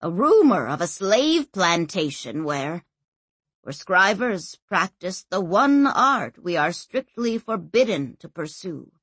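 An older male scholar talks quietly and pointedly, weighing each word, as a woman narrator puts him on. The slow reading has a husky, dry closeness. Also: fairly low pitch, very animated, no room sound, full character voice. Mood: grave. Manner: clipped, quiet and probing. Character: sharp-tongued older male scholar, shaken.

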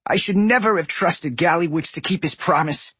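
Man doing a fretful goblin engineer, raised voice, apologetic, husky breathy tone, dry close sound. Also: a little high, normal speed, fairly bright tone, no room sound, voice pushed up. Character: anxious young male goblin engineer. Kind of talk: audiobook character voice.

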